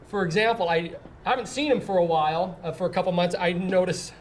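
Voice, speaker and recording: A man's voice: high voice, fairly quick, a little hiss or hum. A father on a game show, answering in a hesitant way with false starts.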